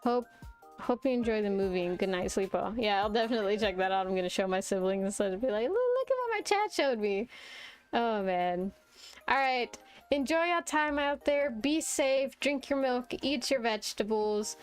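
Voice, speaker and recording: A woman's voice: on the high side, normal speed, clear, resonant tone, faint music behind. A young woman streaming, chatting casually and giggling often as she rambles with self-deprecating restarts. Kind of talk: casual live-stream chat while drawing.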